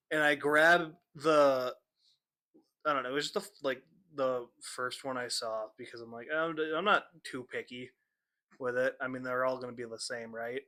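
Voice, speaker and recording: A young man co-hosting a podcast, telling funny stories in a casual, animated way and acting out the people he quotes. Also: medium pitch, moderate pace. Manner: animated, acts out quotes with laughter. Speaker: podcast co-host. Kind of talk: casual storytelling chat.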